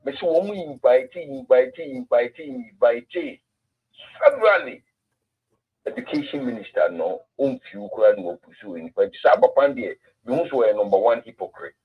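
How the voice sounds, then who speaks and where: A man's voice: mid-range voice, lively intonation, normal speed, slightly rough, narrow, tinny audio. A man with a Ghanaian accent hosting a casual political talk stream, emphatic and repeating words for effect. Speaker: political commentator host.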